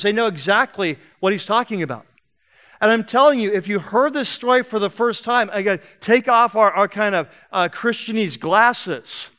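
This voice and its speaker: A man preaching a sermon in a church, swinging between loud emphatic bursts and low, soft passages. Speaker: pastor. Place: church sanctuary.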